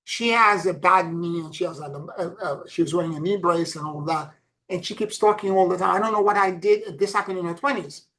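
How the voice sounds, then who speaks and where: A woman's voice: fairly low pitch, brisk, fairly bright tone, rough recording. Earnest woman telling a spiritual story. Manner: earnest storytelling, repeats points for emphasis. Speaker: spiritual teacher. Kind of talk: casual spiritual talk.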